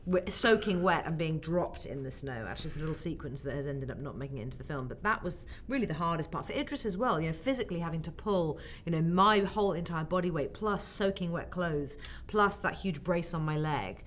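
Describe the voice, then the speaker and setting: An English actress in her forties chatting in an interview, telling stories with animated acted-out quotes. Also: low voice, a little fast, hardly any pauses. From England. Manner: animated storyteller, acts out quotes. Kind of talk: casual interview chat. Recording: faint background noise.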